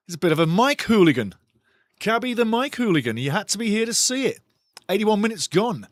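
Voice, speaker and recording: A man hosting a live football watchalong, calling the match excitedly and reading chat messages aloud. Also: high voice, fairly quick, no room sound, studio quality. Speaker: watchalong host. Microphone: studio mic.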